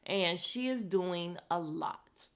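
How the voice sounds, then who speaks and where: A woman hosting a podcast, giving a sassy, blunt recap of reality show drama with mild profanity and quick mimicry of what people said. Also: fairly low pitch. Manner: acts out quoted lines in bursts of mimicry. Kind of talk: casual recap commentary.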